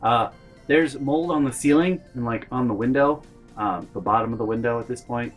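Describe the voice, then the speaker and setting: A man's voice: medium pitch, normal speed, faint music behind. A man in his bedroom telling a casual, exasperated story with sardonic asides and lots of swearing. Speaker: vlogger.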